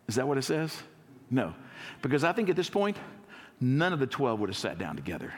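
A man, a lead pastor, preaching a conversational sermon in a church, acting out scenes and slowing down for emphasis. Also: mid-range voice, very animated, long reverb tail.

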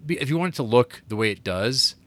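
A man's voice: medium pitch, expressive, fast talker, fairly bright tone. A man co-hosting a podcast, talking about a movie in a rambling, hedging way with some swearing. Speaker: podcast co-host. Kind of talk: casual film review chat.

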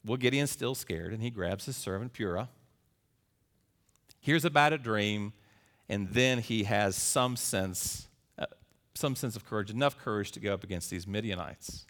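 A man's voice: on the low side, normal speed, a bit bright. A male pastor preaching a sermon, telling stories in an earnest way that builds to emphatic peaks.

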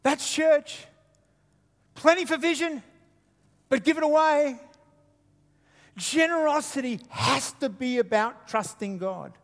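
Brief: male preacher from Queensland, very high voice, lively and teasing with the crowd, long hall reverb. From Queensland, Australia. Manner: animated, jokey asides to the congregation. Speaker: guest preacher. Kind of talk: sermon. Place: church hall.

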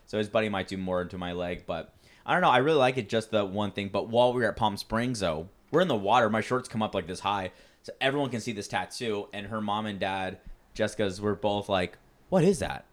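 A man's voice: fairly low pitch, fast. A young man with a slight lisp, chatting casually and telling stories with lots of fillers and restarts. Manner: rambling, storytelling with many fillers and restarts. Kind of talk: casual chat.

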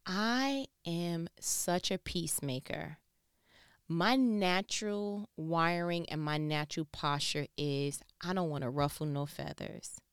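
A woman from New York tells a casual story to camera, with a smooth, clear voice. Her delivery is emphatic and expressive, and she slips into other people's voices as she goes. The sound is dry and close, with no room around it. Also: low voice, dry recording. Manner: emphatic and expressive, acts out voices, laughs between lines. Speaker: storyteller recounting a work conflict.

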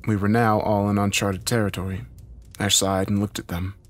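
Low-voiced guy reading a creepy story slow and somber, first person. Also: little pitch movement. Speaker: narrator. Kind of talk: scripted horror story narration.

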